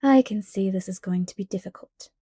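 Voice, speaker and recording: A woman reading an audiobook, voicing a pleasant-sounding man who politely threatens in a smooth tenor. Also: medium pitch, brisk, warm tone, no room sound, clean studio sound, natural voice. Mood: calmly menacing. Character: menacing young-sounding male villain, light and friendly.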